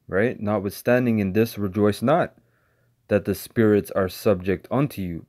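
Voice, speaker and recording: This male bible teacher has a fairly low, warm voice. He goes through scripture verse by verse in a relaxed, slangy style, saying "man" in almost every sentence and frequently starting over.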